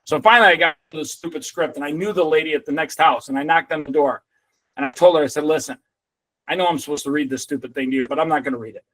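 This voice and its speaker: A middle-aged man telling an animated story as a podcast guest, swearing freely and acting out other people's lines. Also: on the high side, fast, no room sound, rough recording.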